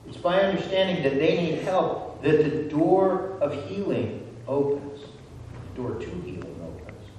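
A man preaching a sermon in church, speaking slowly and deliberately. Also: fairly high pitch, expressive, a little mellow, slight background noise. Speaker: pastor. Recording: echoey church hall from a distance.

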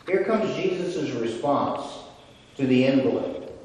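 A man's voice: medium pitch, expressive, a little slow, darkish tone, slight background noise. A man preaching a sermon, retelling scripture and film scenes. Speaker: pastor. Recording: echoey hall from far off.

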